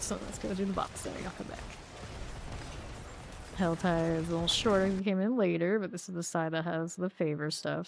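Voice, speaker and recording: A woman's voice: mid-range voice, vocal fry, noisy background. Chatty woman streaming a game. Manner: chatty and rambling, heavy use of "like". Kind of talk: casual gameplay chat.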